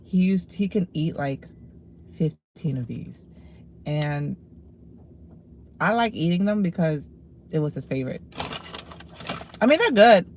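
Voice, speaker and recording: A low-voiced woman eats during a casual livestream, bluntly and profanely snapping back at her chat before easing into relaxed talk about her food. She's unhurried, with long pauses, and there's a little hiss or hum.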